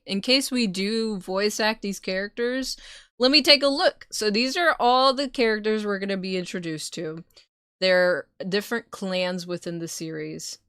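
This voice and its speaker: A woman's voice: on the low side, fairly bright tone, smooth, dry recording, clean studio sound. A woman streamer, not a native English speaker, chatting loosely with her viewers, swearing and laughing often before a book reading. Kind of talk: casual live-stream chat.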